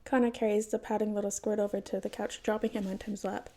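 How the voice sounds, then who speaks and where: A woman reading fan fiction aloud as a podfic, telling the story in a calm, even way. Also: medium pitch, quick pace, a little hiss or hum. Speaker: podfic reader.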